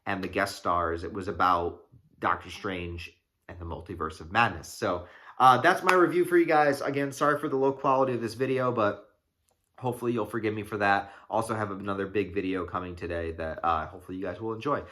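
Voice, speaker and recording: Young guy hyped up reviewing a movie, swears a lot, bright edgy voice. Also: fairly low pitch, a little fast. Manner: excited, profane, rambling with fillers. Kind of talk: casual spoiler review.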